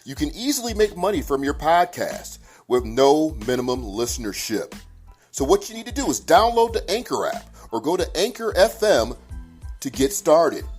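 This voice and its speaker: Man, ad read, upbeat and salesy, faint music behind. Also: mid-range voice. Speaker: podcast host reading a sponsor ad. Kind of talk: read ad spot.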